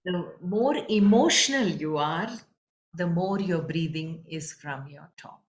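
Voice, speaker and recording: Calm woman coaching on voice. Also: lowish voice, slow pace, highs cut off. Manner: calm, instructive, guides the listener through breathing and chanting. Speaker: leadership and voice coach, interview guest. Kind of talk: explanatory interview advice. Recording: roomy with faint background noise.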